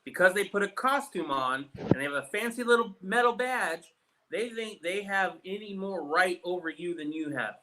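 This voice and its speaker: A man's voice: high-pitched, lively intonation, moderate pace, bright, forceful tone, rough recording. Profane storytelling man, casual chat. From United States. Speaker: host.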